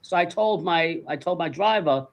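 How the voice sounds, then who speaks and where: A man talking fast in casual chat. His voice sits a bit high, and he rambles through stories, swearing freely as he goes. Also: low-quality recording. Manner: rambling, profane storytelling; fast, animated.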